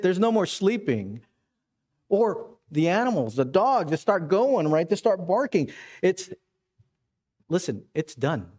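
A man preaching a sermon, telling stories in an animated way with repeated phrases. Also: a little high. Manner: storytelling, animated, repetitive phrasing. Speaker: pastor.

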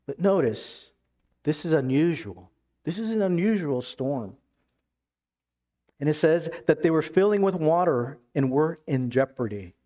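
A man preaching a sermon as pastor, emphatic, then dropping to hushed tones. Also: a little high, animated, unhurried.

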